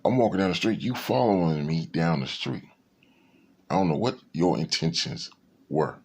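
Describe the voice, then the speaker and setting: A man's voice: sits low, animated, normal speed, darkish tone, husky. A man talking in a rambling, profane monologue, with many fillers and restarts. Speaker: commentator.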